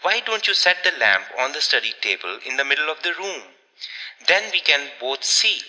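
Guy doing a bossy scolding lady, higher voice, echoey hall. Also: very animated, bright, forceful tone, exaggerated voice. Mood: peremptory. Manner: brisk, scolding. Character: stern peremptory middle-aged woman, sewing.

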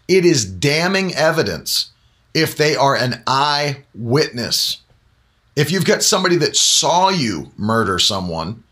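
A man preaching as a Pentecostal Bible teacher on a broadcast, chatting casually, then slowing down and climbing in pitch to hammer home key points. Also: sharp tone. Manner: emphatic, slows down and rises in pitch on key points; conversational with fillers between emphatic stretches.

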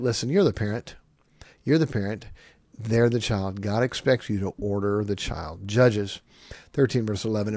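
A middle-aged man preaching about parenting, emphatic and acting out quick exchanges between kids and parents. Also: medium pitch, vocal fry, darkish tone, no room sound, studio quality. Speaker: family advice speaker.

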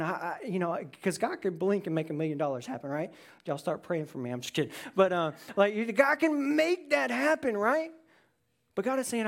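A pastor preaching a sermon in a lively, conversational way, often checking in with "right?" and acting out quoted voices with sudden shifts in pitch.

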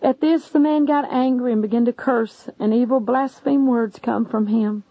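A woman's voice: fairly high pitch, moderate pace, dry recording. A woman preacher earnestly narrating a testimony sermon, addressing listeners as friends. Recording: dull lo-fi recording.

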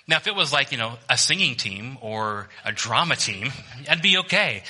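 A man preaching a sermon to his church congregation. He preaches with animation, asks the listeners questions, jokes with them, and swings between loud emphasis and hushed, low passages. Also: big pitch swings, brisk, few pauses. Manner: talks directly to the congregation with questions and humor. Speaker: pastor.

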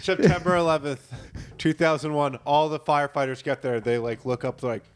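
A man in casual podcast chat, telling profane, animated stories among friends. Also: a little high, brisk.

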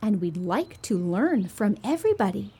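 A woman's voice: medium pitch, sing-song, moderate pace, breathy edge. A woman reading as three polite little bears. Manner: gentle and well-mannered. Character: three polite little bear cubs from the woods.

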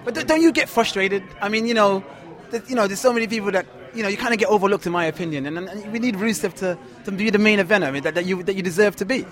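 A man's voice: high voice, very fast, a bit bright. A man hosting a wrestling chat show and interviewing a guest, eager and rambling with lots of fillers.

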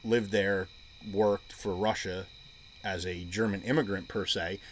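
Blunt, low-voiced joking man. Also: fairly even intonation, a little slow, a little hiss or hum. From United States. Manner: blunt, joking, swears casually. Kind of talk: casual chat.

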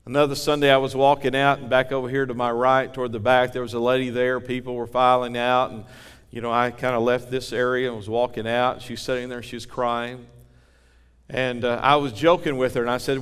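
Male pastor, fervent sermon, folksy storytelling, middle-pitched voice, long hall reverb. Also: little pitch movement, fairly quick, fairly bright tone, clean tone. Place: church sanctuary.

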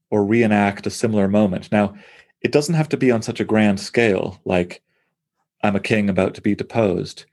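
Low-ish guy poet geeking out over poems, thinking out loud. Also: animated, moderate pace. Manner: enthusiastic, thinks aloud with restarts. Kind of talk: conversational close reading of poetry.

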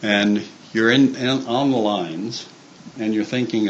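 A man's voice: on the low side, fairly even intonation, slow, highs cut off, slight background noise. A man giving an informal sermon to a church staff group, conversational and full of fillers and restarts. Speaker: church speaker.

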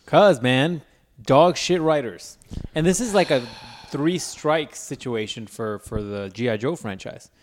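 A man's voice: medium pitch, lively intonation, a little slow. Blunt man tossing in quips. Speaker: podcast co-host. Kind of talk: casual chat.

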